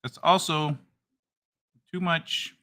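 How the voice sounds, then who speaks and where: Male streamer host with a very bright voice, relaxed and foul-mouthed late-night chat. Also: a little high, takes it slowly. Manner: loose and profane, reading chat aloud.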